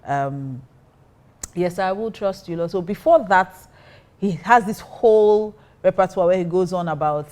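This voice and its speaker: A woman's voice: fairly low pitch, a little slow, darkish tone. A woman pastor telling a personal story in casual talk, acting out her own reactions. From Nigeria. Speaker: pastor and co-host.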